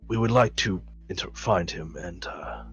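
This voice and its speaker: A man voicing a calm winged male adventurer who speaks low, soft and politely. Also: moderate pace, highs cut off, faint music behind, close to an everyday voice. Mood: gentle probing.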